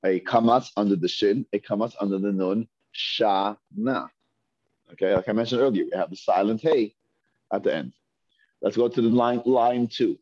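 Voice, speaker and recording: A man teaching Hebrew reading, sounding out words slowly and patiently and repeating them. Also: on the low side, darkish tone, no echo. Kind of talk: slow, patient reading lesson. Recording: dull lo-fi dry recording.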